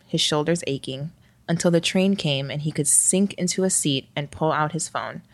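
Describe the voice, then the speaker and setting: A woman narrating a scripted story in a wry, lightly expressive reading voice. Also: deep voice, no echo.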